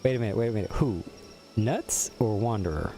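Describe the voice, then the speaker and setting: A man's voice: lowish voice, expressive, brisk, warm tone, faint music behind. A young man streaming a game, chatting casually and teasing his viewers as he reads their messages aloud. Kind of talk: casual gameplay commentary.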